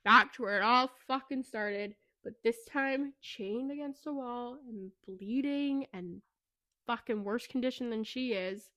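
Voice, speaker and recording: Animated, swearing woman recapping a book. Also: on the high side, unhurried, no room sound. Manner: animated, profane retelling. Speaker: podcast co-host. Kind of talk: casual book review chat.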